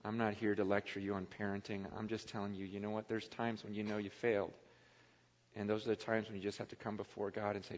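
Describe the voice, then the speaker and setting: A man preaching a sermon as a pastor, earnest and confessional, often dropping to a quiet, halting voice. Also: on the low side, flat delivery. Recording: long hall reverb.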